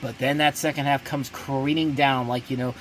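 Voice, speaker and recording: A man hosting a movie review show, talking in a blunt, emphatic way with many restarts and sudden jumps in pitch. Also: level tone, a little fast, a bit bright, slight background noise. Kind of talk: casual ranting review.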